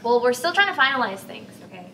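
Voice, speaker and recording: Young woman, amateur skit actor, bossy student, rapid delivery. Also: a little high, big pitch swings, bright, forceful tone, slight background noise, low-quality recording. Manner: quick, insistent and bossy. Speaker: student acting in a school skit.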